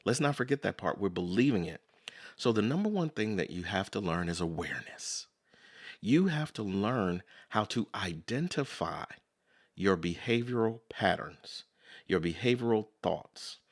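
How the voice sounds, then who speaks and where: A man's voice: lowish voice, expressive, moderate pace. A man hosting a motivational self-help talk, speaking conversationally and often repeating himself to make a point. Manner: conversational, repeats "so in other words"; acts out quoted voices. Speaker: podcast host.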